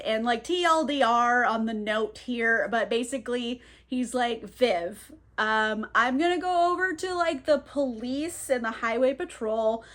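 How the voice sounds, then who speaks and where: A woman's voice: a little high, a bit bright. A woman casually recapping a novel for her channel, chatty and irreverent, with frequent laughter and filler words. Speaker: book vlogger.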